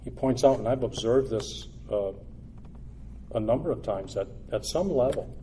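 A man preaching a sermon in an earnest, exhortative way, building to loud emphatic peaks and then dropping low and quiet. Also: lively intonation, moderate pace, slight background noise.

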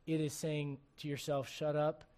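This is a middle-aged male pastor from Puerto Rico, his voice sitting notably high for a man. He preaches to a live congregation with fervent, earnest delivery, dropping to quiet appeals and tossing in wry jokes. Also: flat delivery, normal speed, smooth. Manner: joking asides to the congregation. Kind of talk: sermon. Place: church service before a congregation.

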